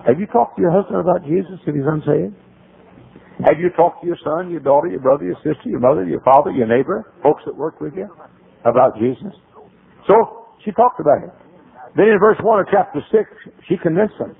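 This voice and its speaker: A man's voice: a little high, lively intonation, normal speed, creaky. A man preaching a sermon as pastor, telling folksy stories and building to emphatic appeals. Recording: tinny phone-like old radio broadcast.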